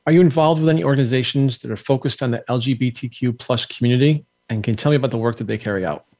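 Guy hosting an interview, talks fast, asks direct questions. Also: mid-range voice, a little mellow. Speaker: interview host.

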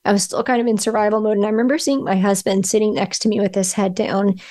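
A middle-aged woman, a podcast guest, telling a personal story in a halting way, often restarting and searching for words. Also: medium pitch, steady tone, dark tone.

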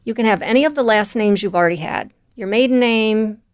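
A woman being interviewed, telling personal stories in a relaxed way and laughing easily. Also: medium pitch, brisk, clear, resonant tone, dry recording, studio quality. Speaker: guest, volunteer and coach. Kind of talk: conversational interview.

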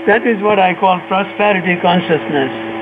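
High-voiced man on a tinny phone line. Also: noisy background. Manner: halting, restarts phrases, reflective. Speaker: yoga teacher and author. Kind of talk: radio interview answers.

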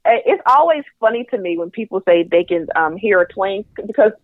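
A woman's voice: medium pitch, expressive, brisk, dry recording. A woman from North Carolina with a light Southern twang talks as a podcast guest. Her speech is chatty and full of fillers and restarts. The sound is thin and phone-like, with a dry, close feel. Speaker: guest sex educator. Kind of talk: podcast interview. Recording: tinny phone-line sound.

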